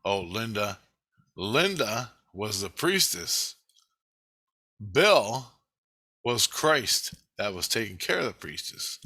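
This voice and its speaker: A middle-aged man rambles through a long personal story, swearing often and doubling back on himself. His voice has a hard, bright edge. The sound is close and dry. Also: on the low side, sing-song, takes it slowly, pauses often, no room sound. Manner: rambling, profane, retelling a dream. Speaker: vlogger. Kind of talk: casual storytelling monologue.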